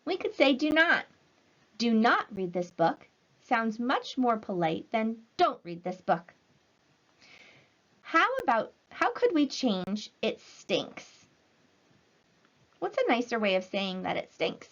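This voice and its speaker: A woman teacher giving a recorded language lesson to children, speaking slowly and clearly in an encouraging way. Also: on the high side, sing-song, a bit bright. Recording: slightly dull lo-fi audio.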